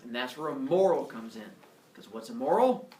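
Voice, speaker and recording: A male teacher giving a jokey, animated lecture to his class. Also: mid-range voice, normal speed. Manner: jokey, animated, lots of uh fillers and voices. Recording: echoey classroom, camera far off.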